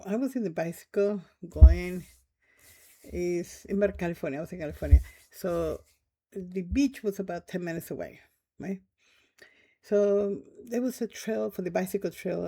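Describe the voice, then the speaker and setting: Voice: mid-range voice, dark tone. A middle-aged vlogger telling a personal story in a loose, rambling way, often checking in with the listener and using loose, nonstandard grammar. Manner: rambling, checks in with "right?" and "okay?". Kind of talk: casual spoken storytelling to camera.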